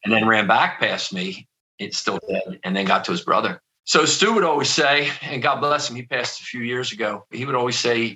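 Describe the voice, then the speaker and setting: A man's voice: medium pitch, lively intonation, normal speed, pushed and bright, rough recording. A middle-aged man from near Philadelphia telling a personal story in an interview, earnest and vivid, with frequent restarts. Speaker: guest telling his near-death story.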